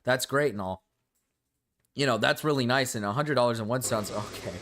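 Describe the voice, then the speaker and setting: A young man streaming live and reacting to videos, excitable and giggly, swearing freely. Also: mid-range voice, a little fast.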